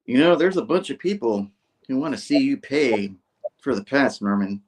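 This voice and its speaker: A man's voice: mid-range voice, expressive, moderate pace, lightly acted. A man doing an earnest, encouraging comic hero. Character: earnest young superhero giving counsel.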